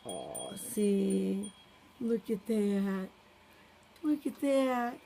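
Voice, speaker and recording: Woman coaxing her pets, gravelly voice. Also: mid-range voice, sing-song, extremely slow, warm tone, slight background noise. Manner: coaxing, sing-song talk to pets. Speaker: pet owner filming her animals. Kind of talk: casual home video chat.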